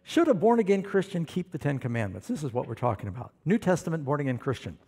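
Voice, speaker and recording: A man preaching a sermon, animated and questioning the congregation, calling for amens. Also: a little high, fast talker, slightly rough. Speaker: pastor.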